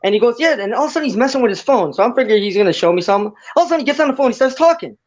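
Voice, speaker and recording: A man in casual talk, telling a story in an excitable, animated way and laughing as he goes, heard through a dull, lo-fi line. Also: very high-pitched, rapid-fire. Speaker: fighter guest. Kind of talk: casual storytelling on a video call show.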